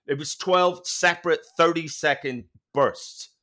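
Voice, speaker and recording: Here a podcast co-host, his voice a little high and a little slow, recounts a tale during an easygoing chat. He swears a lot, laughs often, and tells it with real animation.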